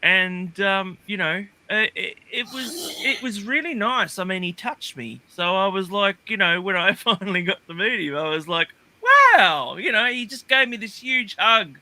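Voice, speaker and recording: A man's voice: high voice, moderate pace, hardly any pauses, bright, forceful tone. A man on a livestream, chatting casually and rambling with many fillers and restarts. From Australia. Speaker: guest. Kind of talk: casual chat. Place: livestream call.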